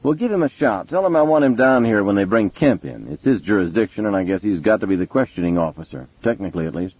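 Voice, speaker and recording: A man's voice: lowish voice, lively intonation, quick pace, breathy edge, no echo, pitched above the performer's own voice. A man voicing a brash, profane middle-aged police chief who talks in a blunt, swaggering way. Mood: gruff, cocky. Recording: tinny phone-like sound, dry.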